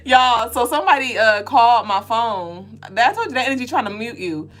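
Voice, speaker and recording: Woman, casual spiritual live-stream host, swearing and joking, bright forceful voice, faint music underneath. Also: on the high side, fairly quick. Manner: profane, joking, animated storytelling. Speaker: podcast co-host.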